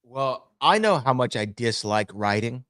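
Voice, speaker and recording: A man's voice: medium pitch, sing-song, measured pace, a bit bright, smooth. A man hosting a podcast in casual chat, easygoing and hesitant, reading out listener messages. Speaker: podcast host.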